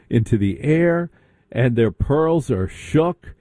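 A man with a deep, very mellow voice tells a comic story with sarcastic, mocking asides. His delivery is animated, and the recording sounds dry and close. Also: slow, no room sound.

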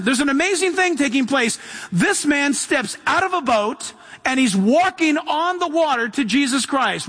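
A man's voice: very high-pitched, bright, forceful tone. A man preaching a sermon as pastor, reading scripture aloud and calling out to the congregation. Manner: reads scripture then preaches with call-outs to the congregation. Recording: long hall reverb.

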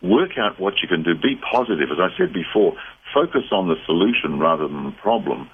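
A man's voice: low-pitched, animated, brisk, slightly rough. A man talking as a psychic medium guest on a radio call-in, answering callers in an earnest, reassuring way. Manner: earnest, reassuring, advice-giving. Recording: phone-like narrow band.

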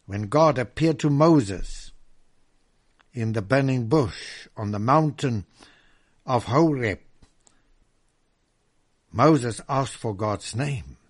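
Husky man preaching with dramatic swings. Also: medium pitch, expressive. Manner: dramatic swings from loud proclamation to hushed whisper; drawn-out emphatic reading of scripture. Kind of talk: sermon.

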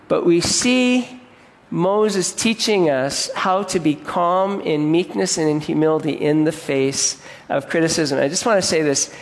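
Earnest preaching man in a reverberant hall. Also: sits high. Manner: earnest, repeats and restarts words, asks the congregation questions. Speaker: pastor. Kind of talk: sermon. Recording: long reverb of a large hall.

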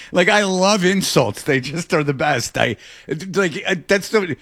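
A man's voice: high voice, slow pace. A man hosting a sports radio show, telling stories in casual on-air banter and jumping into other people's voices as he goes. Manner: animated storytelling, jumping into voices.

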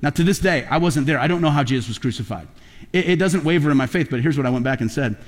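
A man preaching a sermon as a pastor, talking conversationally and rising to loud, emphatic peaks. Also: a little high, quick pace. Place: large church auditorium. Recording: long hall reverb.

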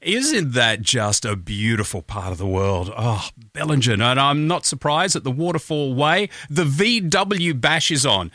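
A man's voice: medium pitch, big pitch swings, unhurried, few pauses, pushed and bright, no room sound, studio quality. A man with an Australian accent hosting breakfast radio, chatting casually and reading out birthday wishes with jokey, self-mocking asides. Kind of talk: casual radio chat and birthday call-outs.

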